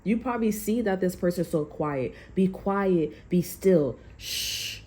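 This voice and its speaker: This tarot reader's voice is warm, lowish, and a touch slow. Reading cards casually for her viewers, she's chatty and profane, filling gaps with fillers and restarting sentences as she goes.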